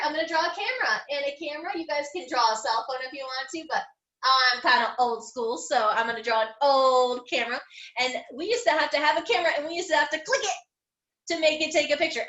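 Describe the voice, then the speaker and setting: A middle-aged woman teaching young children phonics online, upbeat and encouraging, slowly sounding out words. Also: high voice, sharp tone. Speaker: kindergarten teacher. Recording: echoey room.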